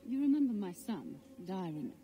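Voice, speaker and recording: A woman's voice: mid-range voice, sing-song, normal speed, mellow, soft background music, natural voice. An actress voicing a flirtatious, teasing noble lady in video game dialogue. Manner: teasing, genteel.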